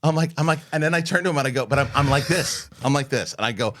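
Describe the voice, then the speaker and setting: A man's voice: a little high, rapid-fire, few pauses, a bit bright, no room sound, clean studio sound. A man hosting a casual chat, telling an anecdote animatedly and acting out both sides with laughs. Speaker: host.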